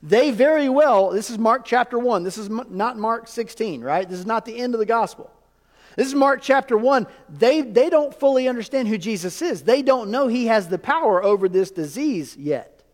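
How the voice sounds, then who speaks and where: A man preaching a sermon in a church, animated and full of rhetorical questions to the congregation. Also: high voice, moderate pace, big-room sound. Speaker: pastor. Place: church sanctuary.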